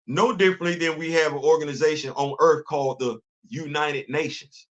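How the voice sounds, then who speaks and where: Fervent middle-aged man, raised pitch. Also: fairly even intonation, brisk, muffled recording. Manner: fervent, preachy, colloquial, answers live chat. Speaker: livestream host. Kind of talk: impassioned livestream commentary.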